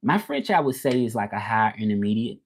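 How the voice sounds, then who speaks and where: A man with a Southern US drawl talks easily on a livestream, answering viewers at home. He is relaxed and chatty, and he says things twice and uses Southern slang. He is speaking as a language teacher who hosts his own channel. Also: on the low side, fast, breathy edge. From Memphis, Tennessee, United States. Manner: laid-back, chatty, repeats himself, Southern slang.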